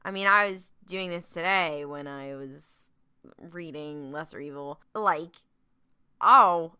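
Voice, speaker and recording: A woman's voice: fairly low pitch, measured pace, pushed and bright, smooth. A woman co-hosting a podcast, chatting casually and animatedly, swearing and laughing often. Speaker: podcast co-host. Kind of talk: casual chat.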